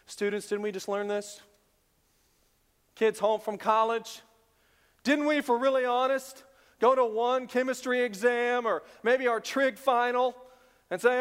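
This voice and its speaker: A male pastor preaching a sermon, swinging from loud emphasis down to hushed near-whispers. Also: high voice. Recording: long reverb of a large hall.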